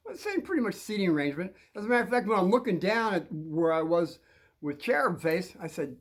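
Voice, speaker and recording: An older man telling a story in a lively, wandering way. His pitch climbs and dips all over as he gets into it, and he loops back on himself. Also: fast. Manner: rambling, animated, frequent restarts and laughs. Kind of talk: casual storytelling.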